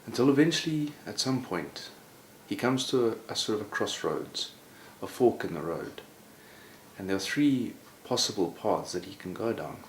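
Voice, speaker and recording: A man telling a story aloud in a relaxed, conversational way, often slipping in "sort of" as he goes. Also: on the low side, normal speed. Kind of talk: oral storytelling. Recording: roomy echo, faint background noise.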